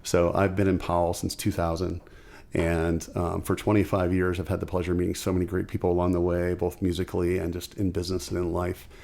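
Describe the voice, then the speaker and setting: A musician from Ohio, USA, guests on a podcast, telling stories in a casual chat. His low, creaky voice moves quick and chatty, and he animatedly acts out the people he quotes.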